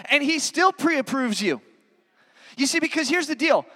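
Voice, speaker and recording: Male pastor, very high-pitched, earnest, chatty sermon delivery, long hall reverb. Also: expressive, normal speed, sharp tone. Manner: conversational, earnest, many "you know" fillers.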